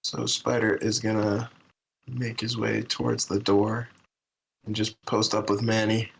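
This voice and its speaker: A man playing a tabletop game over a voice call, speaking calmly and plainly. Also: lowish voice, measured pace, gravelly, slight background noise, rough recording. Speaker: player. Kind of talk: casual game chat.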